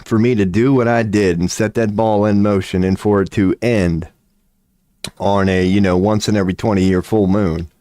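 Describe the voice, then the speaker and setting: A toothless man with a low, darkish voice and no echo gives tarot readings on a casual livestream, ranting to chat. He lisps slightly when his mouth is dry, and he's loose and profane, laughing at himself.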